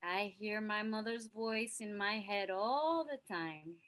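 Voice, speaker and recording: A woman's voice: medium pitch, slow pace, fairly bright tone, rough recording. An actress playing a young working mother who speaks in a confessional monologue and slips Spanish words into her English. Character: young working mother, Cristela, holding back tears. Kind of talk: stage monologue acting.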